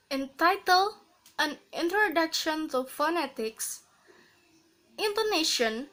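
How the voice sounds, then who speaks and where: A woman giving a recorded class presentation, reading carefully phrase by phrase with pauses. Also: sits high, pushed and bright. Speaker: student presenter.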